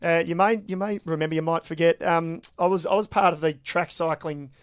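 A man co-hosting a podcast, telling stories in a lively, casual way. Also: on the high side, brisk, smooth, dry recording, studio quality. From Australia. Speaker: podcast co-host.

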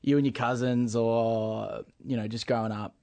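A man's voice: medium pitch, little pitch movement, moderate pace, gravelly, a little mellow. A man chatting casually, hesitant and often chuckling. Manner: chuckling, hesitant, many fillers. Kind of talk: casual chat.

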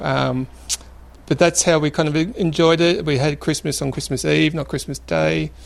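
Aussie guy in his 50s, gravelly voice, a bit high, rambles with lots of ums. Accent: Australian. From Australia. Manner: rambling with many fillers. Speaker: interviewee. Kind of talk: relaxed storytelling.

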